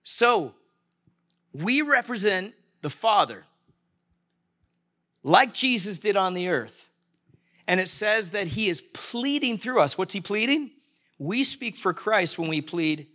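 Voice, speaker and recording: A man preaching to his church congregation with a bright, forceful tone and a high-pitched voice. He talks in a conversational way and keeps asking the congregation questions. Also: lively intonation, slow pace, long pauses. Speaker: pastor. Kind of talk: sermon. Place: church, live-streamed service.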